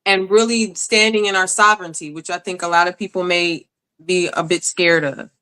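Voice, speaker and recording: A woman's voice: fairly low pitch, steady tone, normal speed, bright, forceful tone, smooth, poor audio. A woman guest sharing a personal story in an earnest, emphatic, conversational way.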